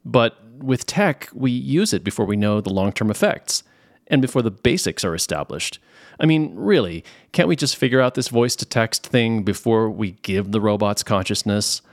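A man with a Southern California accent, hosting a podcast and reading out a joking letter in a playful, animated way. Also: on the low side, normal speed, no room sound, clean studio sound. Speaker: podcast host.

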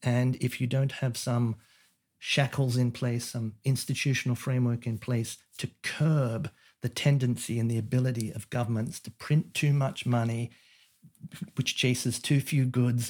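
A man's voice: mid-range voice, darkish tone, slightly rough. A man, an economist guest on a podcast, explaining his ideas in a thoughtful way with frequent fillers and restarts. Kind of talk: conversational interview.

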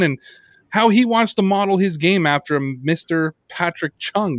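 Animated, foul-mouthed male podcast host. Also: a little high, no room sound. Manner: animated storyteller, heavy swearing. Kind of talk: casual sports podcast chat.

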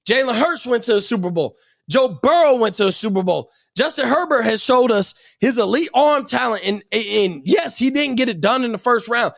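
A young man rants about sports in a heated, profane way, hammering his points. His voice sits very high and crackles with gravelly fry. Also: a bit bright. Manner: angry, profane, emphatic ranting. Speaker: sports commentator.

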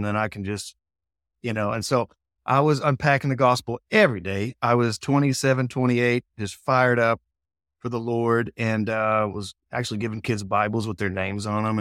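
A man in his forties, a filmmaker guest, telling his story in a casual interview in an earnest, animated way, acting out quoted exchanges. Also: on the low side, no room sound, studio quality.

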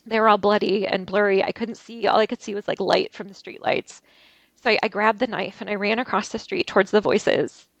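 Woman guest on a video call, gravelly voice, halting and emotional, dry dull sound. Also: medium pitch, steady tone, no room sound. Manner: halting, emotional, many restarts. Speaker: interview guest. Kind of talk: recounting a personal ordeal.

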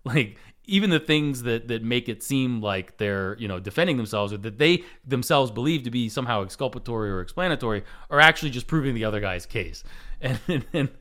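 A man's voice: mid-range voice, expressive, a little fast, fairly bright tone. A man hosting a podcast in casual chat, laughing often and restarting his sentences. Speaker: podcast host.

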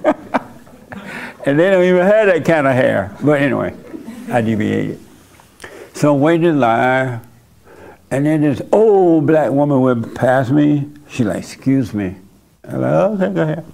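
A male pastor hosting a church service, telling a story in a casual, animated way and laughing along with the room. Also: medium pitch, a little slow, creaky, long pauses. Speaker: pastor and host. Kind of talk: sermon.

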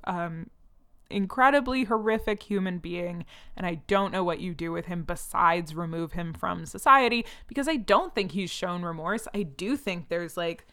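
A young woman with a smooth, clear voice talks through a podcast episode in loose, chatty commentary. She sprinkles her sentences with fillers and slips into animated voices when quoting people. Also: fairly low pitch, normal speed. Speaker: podcast host. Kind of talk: casual commentary monologue.

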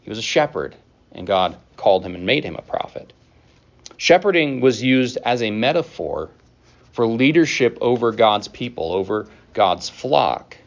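A man preaching a sermon as pastor, in a conversational way, with casual asides and quick laughs. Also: lowish voice, very animated, highs cut off.

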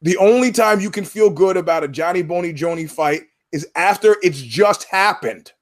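Male podcast host, slightly high voice, blunt, swears freely, hammers points by repeating them. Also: moderate pace. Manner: profane, emphatic, repeats words for punch. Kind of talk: casual podcast commentary.

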